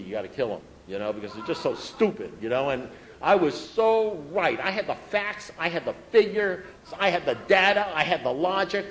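Speaking on the high side, a man recounts his recovery to an audience with self-mocking humor and a conversational tone, using repeated phrases for rhythm. The recording is low quality, with a little hiss or hum.

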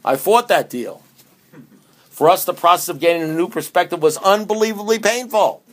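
A man's voice: high-pitched, normal speed. A man speaks at a recovery meeting in a slightly raised voice, conversational and joking. He hammers his points with repeated phrases and often restarts mid-sentence. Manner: conversational, humorous, emphatic with restarts.

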